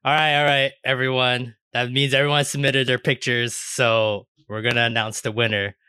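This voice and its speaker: A man's voice: mid-range voice, flat delivery, moderate pace, pushed and bright, clean tone, dry recording, clean studio sound. A man hosting a casual roundtable podcast. He stammers, repeats words and swears often. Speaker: podcast host.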